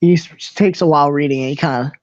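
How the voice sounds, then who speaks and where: A man's voice: fairly high pitch, fast, no room sound. A young man narrating as game master in a loose, casual way with many fillers. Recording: dry, dull lo-fi mic.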